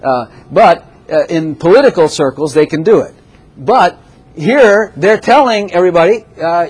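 A man preaching a sermon as a pastor, animated, with laughing asides and repeated phrases for emphasis. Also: on the high side, normal speed, slightly rough, rough recording.

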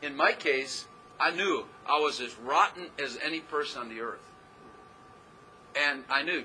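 A male pastor gives a loose, conversational sermon, rambling and chuckling at his own stories. His voice is very bright and a touch high. A faint hum of room ambience sits behind him. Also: measured pace, pauses often, poor audio. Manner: folksy, rambling, laughs at himself.

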